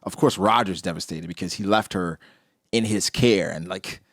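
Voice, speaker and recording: A man co-hosts a casual podcast chat breaking down a comic chapter, speaking at normal speed in a clean studio recording with no room sound. He's animated, acting out the characters' lines with big jumps in pitch.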